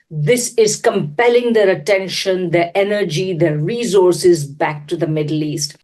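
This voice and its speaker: A woman giving political analysis in a measured, explanatory way. She builds her points step by step and sometimes breaks off to restart a sentence. Her pitch sits in the middle for a woman. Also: mellow. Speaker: political commentator. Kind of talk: analytical commentary.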